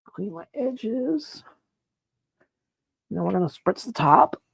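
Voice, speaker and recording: A man chatting excitedly on a live stream as he works on his mushroom grow, laughing and apologizing often. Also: high-pitched, slow pace, creaky, slightly rough, dry recording. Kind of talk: live-stream chat while working. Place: grow room, indoors.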